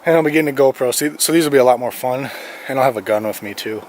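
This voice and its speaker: A young man from Minnesota vlogging as he trudges through deep snow outdoors, rambling with lots of fillers and a little out of breath in the cold. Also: very fast. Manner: rambling, filler-heavy talk with many 'like's. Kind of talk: casual vlog walking outdoors. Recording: wind and handling noise on a phone mic.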